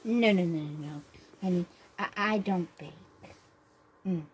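A woman voicing a vain, bossy girl doll who hosts a tea party and calls herself a queen, talking in a haughty, showy way with drawn-out emphasis. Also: lowish voice, slight background noise, lightly acted, low-quality recording. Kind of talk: doll play role-play.

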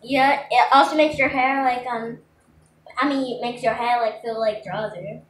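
Hesitant casual talk, full of likes and ums, very high voice, off-mic, echoey room. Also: female voice, steady tone, normal speed, recorded from a distance, slight background noise. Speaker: vlogger's child. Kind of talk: casual chat.

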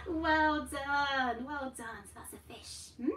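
A woman's voice: sits high, extremely slow, a bit bright. A woman teaching a class for toddlers, coaxing and playful in a sing-song way. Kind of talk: children's class. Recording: roomy sound, mic at a distance, faint noise.

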